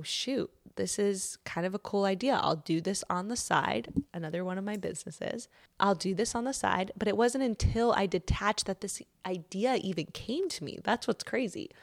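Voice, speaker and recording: A young woman giving a casual motivational talk, full of "like," that turns into a gentle guided breathing exercise. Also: mid-range voice. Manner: chatty, says "like" often, drops to soft near-whisper in guided parts. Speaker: host.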